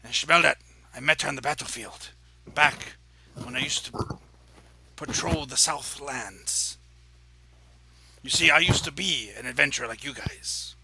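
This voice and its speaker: A man's voice: fairly high pitch, measured pace, gravelly, long pauses, a crowd in the background. A man playing a terse innkeeper who used to be an adventurer. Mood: reminiscing. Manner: terse, matter-of-fact. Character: former adventurer, plain middle-aged innkeeper.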